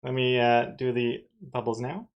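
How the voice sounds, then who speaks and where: A woman's voice: extremely low pitch, steady tone, moderate pace, muffled recording. A woman from Austria chatting casually on a live stream, playful and self-mocking, often laughing at herself.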